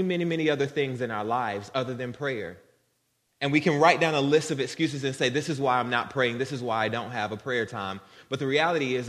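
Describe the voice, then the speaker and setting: Male guest preacher, mid-pitched, earnest conversational delivery, church hall reverb. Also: fairly bright tone. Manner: conversational, earnest, addresses congregation directly. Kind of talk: sermon. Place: church sanctuary.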